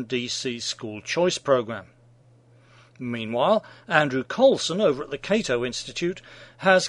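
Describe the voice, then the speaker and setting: Sarcastic guy doing a scripted commentary, pitch bouncing all over, dry close sound. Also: dry recording. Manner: sardonic, mocking.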